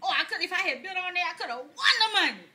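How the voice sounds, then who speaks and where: A man's voice: very high-pitched, sing-song, racing, pushed and bright, heavily acted. A man playing a chatty older woman pastor, telling folksy jokes to a congregation and laughing along with them. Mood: chatty storytelling. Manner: folksy storytelling, laughs at own jokes, addresses congregation as y'all. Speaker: pastor giving a message. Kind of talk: stand-up comedy sermon.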